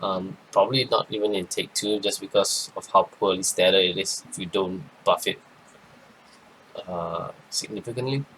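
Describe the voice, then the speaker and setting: A man giving a rambling, casual card game review, tired and yawning, with many pauses and restarts. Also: low voice, steady tone, a bit bright, slight background noise, rough recording. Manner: rambling, lots of ums and restarts. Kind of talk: casual commentary.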